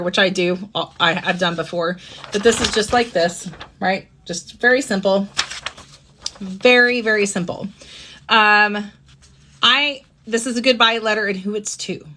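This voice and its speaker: Reflective and gentle, the host of this live-streamed personal talk is a woman with a medium-pitched voice who keeps asking her listeners "right?" to check in with them.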